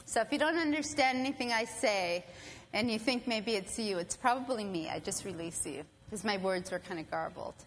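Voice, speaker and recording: A woman's voice: mid-range voice, normal speed. Woman telling a story in a reverberant hall. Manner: animated, acts out quoted voices. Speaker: storyteller speaking to an audience. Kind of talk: personal storytelling. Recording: long hall reverb, faint ambience.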